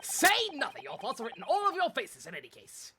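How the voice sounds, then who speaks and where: A woman's voice: on the high side, huge pitch swings, fast talker, noisy background, voice pushed down. A woman voicing a pompous, eccentric male detective from a game, speaking in grand old-fashioned phrases. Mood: theatrical. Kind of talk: reading game dialogue aloud.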